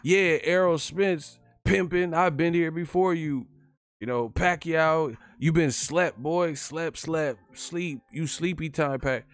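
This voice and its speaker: A cocky male boxer taunts his rivals in a pitched-up, swaggering voice, put on by a man doing an impression. His mocking calls stretch out slowly, and the sound is close and dry. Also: no room sound. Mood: taunting.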